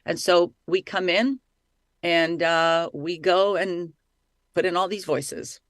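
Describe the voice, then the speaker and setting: A middle-aged woman, an actress and voice-over artist, chatting excitedly in an interview. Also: lowish voice, slow, no room sound, clean studio sound. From Italy. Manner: lively, talkative, excitable. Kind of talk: casual interview chat.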